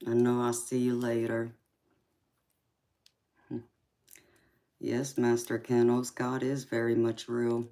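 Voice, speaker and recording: A woman with a very deep voice hosts a tarot livestream and talks in a slow, unhurried drawl. She reads out viewer comments and answers them gently, calling everyone sweetheart and honey. Her delivery stays flat and even. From mixed Japanese, Polynesian, English, Irish and Scandinavian heritage. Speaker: tarot reader hosting a livestream. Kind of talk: casual livestream chat reading out viewer comments.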